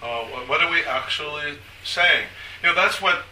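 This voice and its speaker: An older man giving an informal talk to a small group, rambling and halting with many restarts. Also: on the high side, sharp tone. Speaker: speaker on church liturgy. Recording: echoey room from far off, faint hiss.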